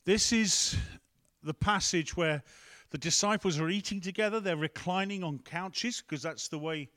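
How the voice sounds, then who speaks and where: A man's voice: high-pitched, moderate pace, a bit bright. A man preaching a conversational sermon, breaking off to ask the room and the tech team for help. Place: church hall with a screen.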